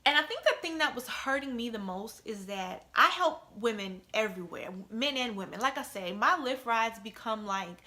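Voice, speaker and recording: A woman's voice: fairly high pitch, expressive, normal speed, few pauses, pushed and bright. A middle-aged woman telling an emotional personal story in a conversational vlog, often checking in with "you know" and "right?".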